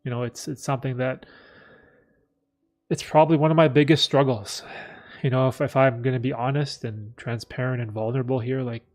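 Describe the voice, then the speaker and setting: A man hosting a live stream, chatting candidly in a rambling, reflective way with many fillers, often clearing his throat. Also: medium pitch, fairly even intonation, fairly quick, a little mellow. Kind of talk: casual live stream chat, reading chat.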